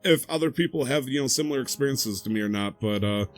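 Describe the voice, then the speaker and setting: A man co-hosting a casual podcast, joking around, with playful jumps in pitch and pace. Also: fast, soft background music. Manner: jokey, playful, swooping pitch. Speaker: podcast co-host. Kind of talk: casual chat.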